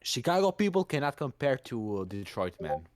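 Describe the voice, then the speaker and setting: Brief: young male co-host, lively swinging pitch, crude playful banter, dry close sound. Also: moderate pace, no echo. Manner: animated, crude banter, frequent laughter. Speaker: podcast co-host. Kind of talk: casual chat.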